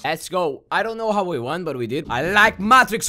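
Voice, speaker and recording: Excitable high-voiced gamer man. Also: normal speed, faint music behind. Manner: loud, shouty, swears a lot, jokey. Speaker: gaming YouTuber. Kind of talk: excitable gameplay commentary.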